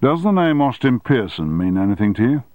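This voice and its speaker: A man voicing a powerful middle-aged male newspaper tycoon who speaks briskly and with authority. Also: medium pitch, big pitch swings, no room sound, narrow, tinny audio, voice pushed up, natural voice.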